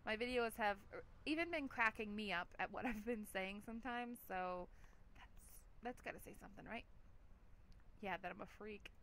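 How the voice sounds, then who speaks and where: A woman's voice: mid-range voice, normal speed, a bit bright, slight background noise. A woman hosting a let's play, giving chatty, giggly gameplay commentary with a lot of "like".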